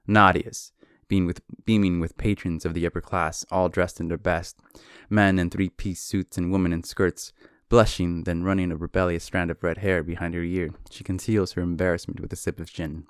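This podcast host has a low, clean voice and speaks at a moderate pace with few pauses. Relaxed and lightly profane, he pokes fun at himself in a casual intro before giving a dramatic reading from a novel. The sound is clean studio quality with no room noise.

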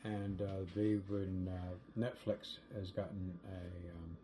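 A man co-hosting a podcast, delivering news in a measured, halting way with many fillers. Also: sits low, level tone, warm tone. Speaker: podcast co-host. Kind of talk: casual chat. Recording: faint background noise.

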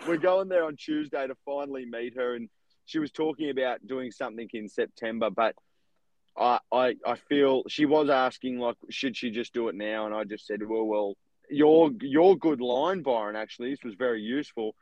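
Brief: young male co-host, animated storyteller, mid pitch, dry close mic. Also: moderate pace, no room sound, dull audio. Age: young adult. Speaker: podcast co-host, real estate agent. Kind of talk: casual chat.

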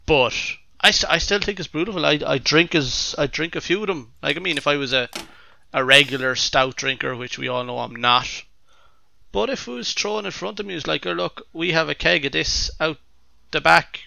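Gravelly, bright-voiced Irish man. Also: a little high, normal speed, no echo, highs cut off. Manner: enthusiastic, animated. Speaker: podcast co-host, beer reviewer. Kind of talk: casual chat.

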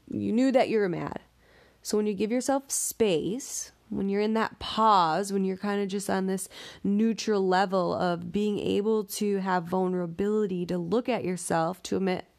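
Earnest woman with a gravelly edge. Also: mid-range voice, measured pace, darkish tone. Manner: earnest, repetitive, speaks to the listener directly. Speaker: spiritual speaker. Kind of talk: reflective spiritual talk.

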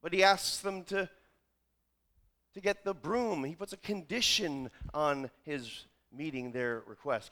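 A man's voice: a little high, a little slow, pushed and bright. A male pastor preaching a sermon, retelling a familiar film story with wry humorous asides.

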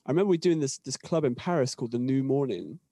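Brief: young British male musician, dark mellow voice, chatty anecdotal guest, restarts and repeats words. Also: mid-range voice, fast, dry recording. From Britain. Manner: rambling, repeats words, animated storytelling. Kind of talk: casual anecdote-telling.

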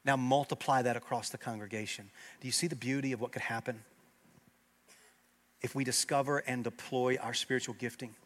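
A man preaching a sermon as pastor, swinging from loud emphatic peaks to quiet, earnest low passages. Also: steady tone, brisk. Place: church sanctuary.

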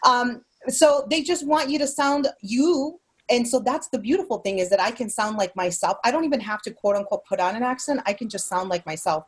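A woman's voice: on the high side, fairly quick, hardly any pauses, husky. A woman from Mexico with a light Mexican accent, a voice actor guest talking earnestly and thankfully, thinking aloud on a podcast roundtable.

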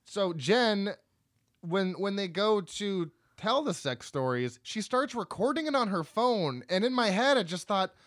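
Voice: mid-range voice, sing-song, unhurried, fairly bright tone, no room sound, studio quality. A co-host in a casual movie review chat, jumping in with jokey, self-deprecating asides. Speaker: podcast co-host.

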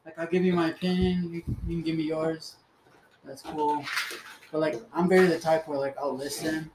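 A man's voice: a little high, level tone, moderate pace. A young man chatting casually and laughing often, with a laid-back, profane manner full of filler words. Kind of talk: casual chat. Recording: echoey room with faint ambient noise.

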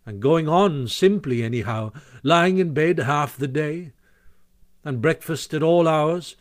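A man's voice: fairly high pitch, measured pace, lightly acted. Man doing a fretful, sensible water rat. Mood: gossipy. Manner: earnest, warning and fussing. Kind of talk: audiobook character voice.

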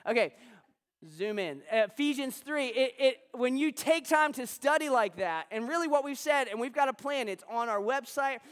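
A man's voice: very high voice, moderate pace, a bit bright, big-room sound. A male pastor preaching a sermon to a congregation at a church service, talking loosely and conversationally with restarts and asides to the room.

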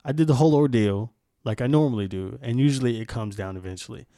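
A man's voice: mid-range voice, quick pace, mellow, no room sound, studio quality. A young man hosting a casual podcast, telling a story in a candid, rambling way with lots of swearing. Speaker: podcast host.

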